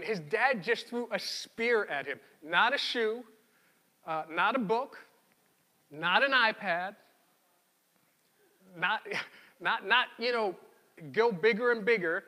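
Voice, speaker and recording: Bright-voiced male preacher in a hall. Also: sits high. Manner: animated, conversational preaching with repetitions. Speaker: pastor. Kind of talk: sermon.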